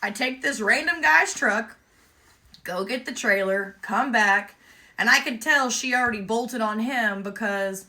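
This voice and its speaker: A woman, casually telling a lively story and acting out the exchanges she had along the way. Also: a little high, measured pace. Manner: lively, vivid retelling with quoted exchanges. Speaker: emu owner telling a story.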